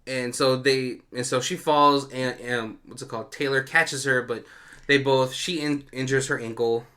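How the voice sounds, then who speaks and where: Bright-voiced man recapping a movie. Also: medium pitch, normal speed. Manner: animated storytelling with frequent laughs. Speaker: podcast co-host. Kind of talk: casual movie commentary chat.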